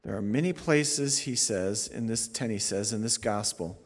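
A man's voice: on the low side, normal speed. A male pastor teaching a sermon, explaining Greek grammar point by point with emphatic stresses. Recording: long hall reverb.

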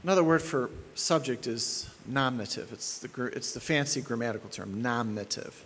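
A man's voice: mid-range voice, a little fast, a bit bright, long reverb tail, slight background noise. A man preaching an expository sermon as pastor, emphatic, repeating key phrases and checking in with his listeners.

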